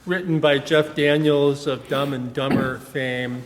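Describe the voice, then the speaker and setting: Steady in tone and medium in pitch, this man takes his time as he chats in a relaxed interview. He directs plays in Wisconsin, and his talk wanders with frequent fillers and restarts, recorded on a small-town theater stage in an echoey hall with faint noise.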